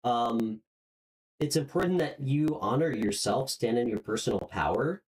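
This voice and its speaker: A woman's voice: rumbling low, expressive, moderate pace, poor audio. A woman hosting a live tarot reading who talks straight to her viewers. She is openly emotional and hesitant, with frequent ums and restarts. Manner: emotional, openly moved, hesitant with many fillers; speaks warmly and directly to viewers. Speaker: tarot reader.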